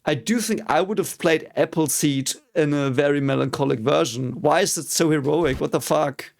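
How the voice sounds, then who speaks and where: A man's voice: fairly high pitch, moderate pace, vocal fry. A young German man with a German accent, reacting to an anime episode in casual commentary, frustrated and swearing often. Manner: frustrated, swears a lot, mock-cheering outbursts. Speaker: reaction video host.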